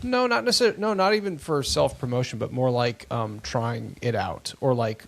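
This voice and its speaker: Gravelly man rambling casually. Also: mid-range voice, fairly quick. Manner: rambling, animated storytelling with many fillers. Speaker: podcast co-host. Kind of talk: casual chat.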